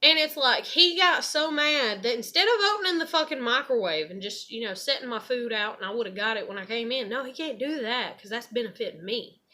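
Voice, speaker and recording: A woman's voice: on the high side, fairly quick, few pauses, pushed and bright, a little hiss or hum. A woman telling a rambling, profane personal story in a heated rant. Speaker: vlogger.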